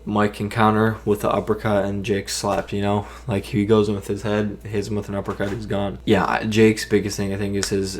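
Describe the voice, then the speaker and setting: A man's voice: fairly low pitch, a little hiss or hum. A man talking casually to his viewers, giving a boxing prediction in a rambling way and correcting himself often. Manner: rambling, self-correcting, hedging opinions. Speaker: boxing commentator.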